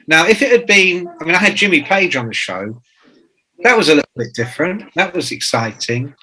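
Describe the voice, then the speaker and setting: Male guest in his 60s, swears freely, acts out quotes, bright crisp tone; fits an interview guest. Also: on the high side, very animated, fairly quick, poor audio. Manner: profane, jokey storyteller who acts out quotes. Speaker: author and guest. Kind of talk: anecdotal interview talk.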